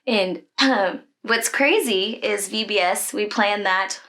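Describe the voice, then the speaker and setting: A woman's voice: mid-range voice, slow pace, a bit bright. A woman who leads children's ministry, telling a personal story in a conversation, candid and emotional, with many fillers.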